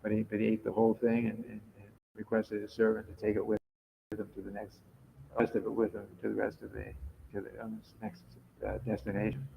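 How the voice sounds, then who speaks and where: A man reading aloud and chatting informally at a temple, halting and restarting when he talks freely and growing louder as he reads. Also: on the low side, completely flat delivery, gravelly, a little hiss or hum. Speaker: temple devotee reading to a group. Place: temple hall. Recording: dull lo-fi recording in a long-echo hall.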